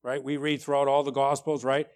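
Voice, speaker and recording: A man preaching a sermon, emphatic, tagging lines with "right?" and swinging between loud and quiet. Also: mid-range voice, flat delivery, brisk. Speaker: pastor.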